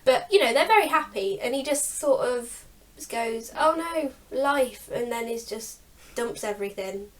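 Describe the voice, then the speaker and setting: A young woman with a slightly high voice co-hosts a book channel at a moderate pace. In casual chat she vents, laughing often and sounding exasperated about the characters.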